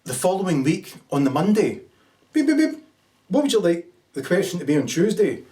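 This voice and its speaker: A man rants at length, swearing freely and slipping into sarcastic, acted-out little scenes. His voice sits a touch higher than most men's. The mic is set back from him a bit. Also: animated, fairly quick, warm tone, far from the mic. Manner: angry, profane and sarcastic, acting out scenes. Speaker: political commentator. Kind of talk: ranting monologue.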